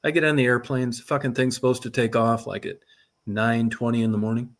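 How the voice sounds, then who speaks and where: Profane, animated storytelling man. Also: mid-range voice, brisk. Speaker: guest telling a story. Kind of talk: casual storytelling.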